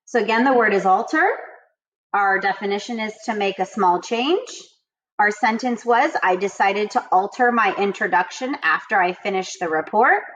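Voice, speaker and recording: A woman teaching a vocabulary lesson to children, with her voice at a middle pitch for a woman. She reads the example sentences slowly and stresses each word. The recording sounds dull and lo-fi. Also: a bit bright. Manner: slow, emphatic reading of example sentences.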